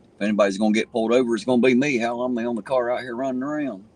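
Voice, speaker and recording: Easygoing southern Ohio hillbilly man streaming from his car, a bit off-mic, road noise loud behind him. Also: medium pitch, steady tone, rapid-fire, far from the mic, poor audio. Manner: folksy, easygoing, swears casually. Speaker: livestream host. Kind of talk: casual live-stream chat, reading viewer comments. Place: in a car driving around town at night.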